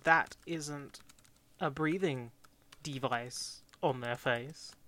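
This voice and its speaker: A man's voice: mid-range voice, extremely slow, sharp tone. A man co-hosting a podcast, brainstorming a story in loose, joking casual chat with many fillers. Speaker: podcast co-host.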